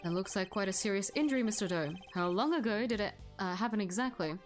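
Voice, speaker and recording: A woman's voice: medium pitch, fast talker, faint music behind, natural voice. Edgeworth, read by a woman, a cool formal prosecutor. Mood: composed.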